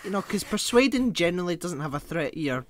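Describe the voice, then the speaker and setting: A man's voice: high-pitched, animated, fast talker. A man co-hosting a podcast in casual chat, giggling a lot, swearing offhandedly and restarting his sentences. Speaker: podcast co-host.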